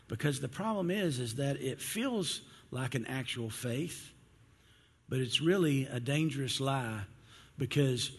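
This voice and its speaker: Brief: male pastor, casual sermon delivery, slightly husky, long hall reverb. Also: mid-range voice. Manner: conversational, acts out biblical figures' complaints.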